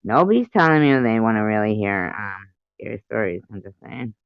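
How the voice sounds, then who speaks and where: Female livestream host, teasing and chatty, with a lively voice and lo-fi sound. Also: rumbling low, brisk, smooth, dry recording. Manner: playful, teasing, answers chat messages aloud; tries out joke accents. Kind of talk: casual livestream chat with viewers.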